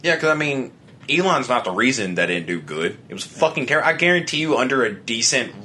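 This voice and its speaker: A man's voice: medium pitch, big pitch swings, quick pace, pushed and bright. A man co-hosting a casual podcast chat, swearing often and laughing a lot. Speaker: podcast co-host.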